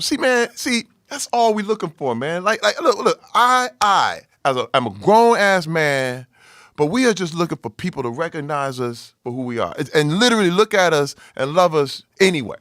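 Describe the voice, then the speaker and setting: Man, podcast guest, casual storytelling, very lively pitch, slightly high voice, dry close sound. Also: moderate pace, no echo. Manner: animated, swings from loud exclaiming to hushed low tones; acts out quoted voices in his story.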